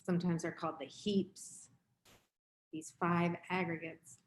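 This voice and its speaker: A woman's voice: on the low side, level tone, measured pace. Reflective fifty-something woman teacher, roomy sound. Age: 50s. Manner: candid, reflective, conversational. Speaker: meditation teacher. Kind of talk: dharma talk. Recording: roomy echo.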